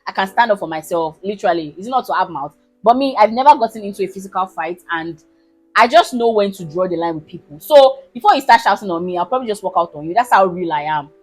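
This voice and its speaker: A woman in her twenties with a Nigerian accent, telling a personal story to her viewers in a casual, animated, emphatic way. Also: mid-range voice, quick pace, soft background music, rough recording. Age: 20s. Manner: animated, emphatic, keeps asking listeners if they understand. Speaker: vlogger.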